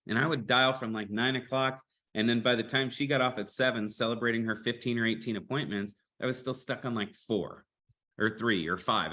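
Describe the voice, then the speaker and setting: A man co-hosting a sales podcast, telling a story in a relaxed, rambling way with hesitant fillers. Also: fairly low pitch. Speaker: podcast co-host, insurance sales agent. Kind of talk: casual podcast chat.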